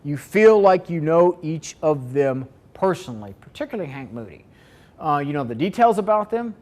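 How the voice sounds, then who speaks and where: A man with a slightly high voice presents a marketing seminar. He talks in a loose, conversational way and keeps putting questions to his listeners. The room around him has a live audience. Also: very animated, moderate pace, a little mellow.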